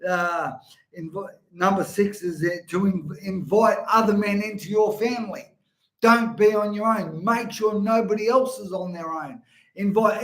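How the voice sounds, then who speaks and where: Middle-aged male men's coach, slightly high voice, earnest and direct motivational delivery, roomy echo. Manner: earnest, direct, addresses listeners as gentlemen. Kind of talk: motivational talk to men.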